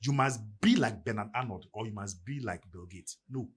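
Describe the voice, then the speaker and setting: A man's voice: on the low side, moderate pace, breathy edge. A middle-aged man from Ghana with a Ghanaian English accent, speaking in an emphatic, preacherly way as a podcast guest. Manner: preacherly, emphatic, rising and falling delivery. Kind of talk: motivational podcast talk.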